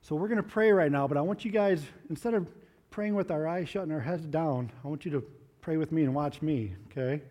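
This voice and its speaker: A man giving a children's moment in church, asking the kids gentle questions and coaxing answers. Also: fairly high pitch, a little fast, big-room sound. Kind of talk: children's sermon with props.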